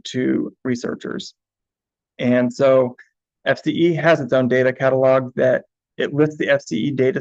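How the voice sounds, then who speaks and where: A man presenting a lesson in a steady, flat voice with a gravelly edge, pausing often on ums and uhs. The sound is dry and dull, like a lo-fi recording. He walks his listeners through best practices step by step. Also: medium pitch, no echo. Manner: hesitant, many ums and uhs. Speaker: information manager.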